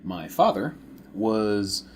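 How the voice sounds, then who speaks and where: A man with a lowish voice talks in a relaxed, casual way, spinning long stories and laughing easily. There is a faint hum in the background. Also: very slow. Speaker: co-host. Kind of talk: casual chat.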